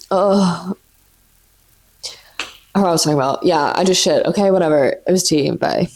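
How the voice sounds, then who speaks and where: A woman's voice: lowish voice, moderate pace, pauses often, darkish tone. A woman in her twenties hosting a casual solo podcast from home, chatting freely with lots of swearing and "like" fillers. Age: 20s. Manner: chatty, profane, many "like" fillers. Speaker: podcast host. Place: sitting on the floor at home.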